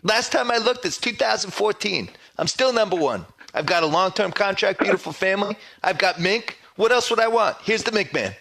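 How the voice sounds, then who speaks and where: A man's voice: high voice, expressive, brisk, creaky, few pauses, voice pushed up, heavily acted. A man doing a bombastic, boastful radio blowhard. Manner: bombastic, boastful, rising shouty delivery. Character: boastful, self-important male sports radio host.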